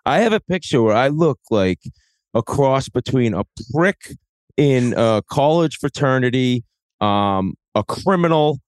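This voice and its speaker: Podcast guest, thirties Massachusetts guy, ribbing himself, blunt, mid-pitch, dry studio sound. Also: expressive, a little slow, dry recording. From Scituate, Massachusetts. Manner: brash, self-mocking, swears freely. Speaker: podcast guest, former hockey player. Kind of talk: casual podcast chat.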